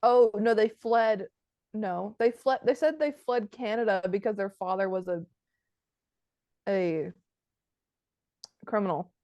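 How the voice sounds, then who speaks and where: A woman with a mid-pitched voice adds quick asides and corrections during a casual movie recap. Her voice sounds dry and close. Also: dark tone, no room sound. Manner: chimes in with short corrections and asides. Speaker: podcast co-host.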